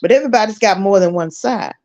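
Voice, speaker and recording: A woman's voice: medium pitch, fast talker, darkish tone, lo-fi sound. A woman on a discussion panel, talking reflectively and restarting her thoughts. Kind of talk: casual discussion.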